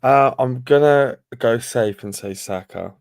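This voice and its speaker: A man who is a guest on a casual football podcast and talks hesitantly, thinking aloud with many pauses. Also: mid-range voice, creaky, no echo, studio quality.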